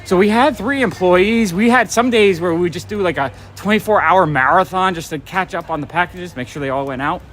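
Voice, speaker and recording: A man's voice: sits high, a little fast, hardly any pauses, a bit bright. A man chatting casually while walking and live-streaming, talking in a rambling way and getting a little out of breath. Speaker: comic shop owner vlogger. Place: outdoors on a rainy city street at night. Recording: faint street and traffic noise.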